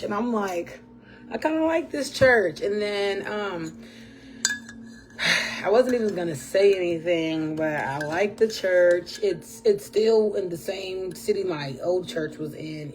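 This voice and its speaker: A woman hosting her own podcast alone, chatting casually about faith in a rambling way, often clearing her throat and with a voice that often sounds strained. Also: on the low side, a little mellow. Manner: churchy phrases, talks to absent guest. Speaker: podcast host.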